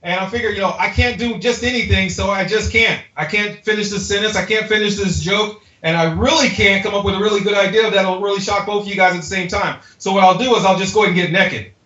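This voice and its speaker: A man's voice: high-pitched, fairly even intonation, fast, few pauses, sharp tone. A man performing a playful, self-mocking stand-up comedy set in a home garage, chatting loosely with a few people around him. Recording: echoey garage, lo-fi live stream audio.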